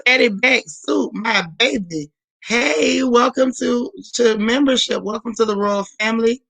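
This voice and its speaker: A woman hosting a live stream chats casually and greets viewers one after another by name. Her voice is hoarse and gravelly, a little high and a bit bright, unhurried, recorded dry with no room echo.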